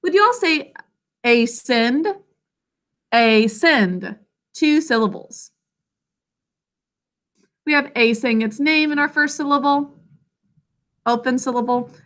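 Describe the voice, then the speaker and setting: Woman, elementary teacher, spelling lesson; slow and bright, sounds out every syllable. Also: high-pitched, lively intonation. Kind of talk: online spelling lesson for children.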